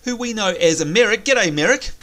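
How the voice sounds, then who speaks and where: A man's voice: high voice, lively intonation, normal speed, sharp tone. An upbeat, chatty man hosting a let's play commentary over a headset. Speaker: host.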